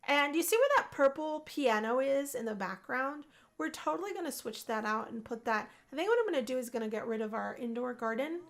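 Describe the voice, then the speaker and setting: A chatty young woman narrating her life-simulation game in a relaxed Let's Play style. Her voice sits a little high, and her talk is upbeat and rambling. She often repeats a phrase to stress it. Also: a little fast. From Puerto Rican family. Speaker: gaming video host. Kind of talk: casual Let's Play commentary.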